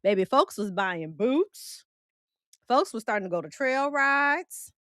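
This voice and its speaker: A woman's voice: a little high, lively intonation, unhurried, fairly bright tone, no room sound, clean studio sound. A woman with a Midwestern country accent hosting a casual livestream, chatty and playful as she reacts to viewer comments. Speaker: livestream host.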